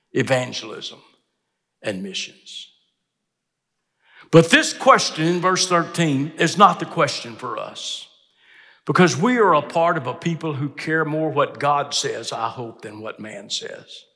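An older man preaching a sermon in a chapel, emphatic, climbing to loud peaks when he quotes scripture. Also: mid-range voice. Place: seminary chapel. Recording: long hall reverb.

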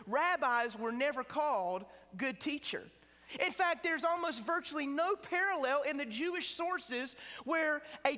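High-voiced man preaching in an echoing chapel. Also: bright, forceful tone. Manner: emphatic, slows down on key words. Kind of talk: sermon. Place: seminary chapel. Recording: chapel with long reverb.

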